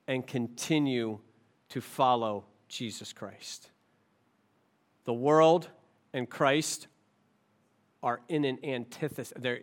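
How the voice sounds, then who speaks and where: A man preaching a sermon as pastor, impassioned, swinging from forceful emphasis down to low, quiet stretches. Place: church sanctuary.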